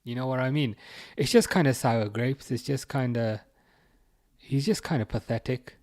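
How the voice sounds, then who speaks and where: A man's voice: medium pitch, normal speed, darkish tone. A man from England chatting casually on a live football watchalong stream, reading out viewer messages and teasing them. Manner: chatty, reads chat messages aloud, teasing.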